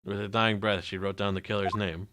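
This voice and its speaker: A man voicing a gruff male police detective who talks like an old-time gangster, tacking "see?" onto his lines. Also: on the low side, level tone, a little fast, slight background noise. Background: loud game music.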